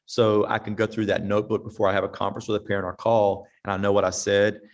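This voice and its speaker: A man's voice: lowish voice, level tone, quick pace, muffled recording. A man talks shop with fellow teachers in a casual online session. His delivery is folksy and direct, like a veteran teacher handing out hard-won advice. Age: 50s. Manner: folksy and direct, acts out parents and sings snippets. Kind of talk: casual conference talk with audience questions. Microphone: online presentation mic.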